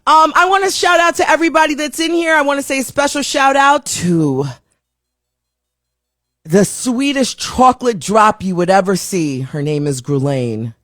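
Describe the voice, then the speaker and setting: A woman talk show host telling a comic story in a casual, animated way. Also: normal speed, no room sound, clean studio sound. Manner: animated, comic storytelling with big pitch swings.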